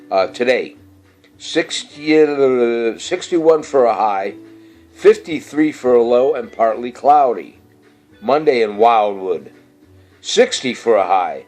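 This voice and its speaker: A middle-aged man hosting a casual show, low-voiced and rambling, full of "uh"s and restarts. Faint music plays behind him. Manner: rambling, many fillers and restarts. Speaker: radio-style show host.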